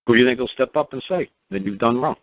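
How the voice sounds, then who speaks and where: A man's voice: mid-range voice, quick pace, no echo. A man from New hosts a call-in show, blunt and profane, firing off repeated rhetorical questions. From New York. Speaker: radio show host. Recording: dry, tinny phone-line sound.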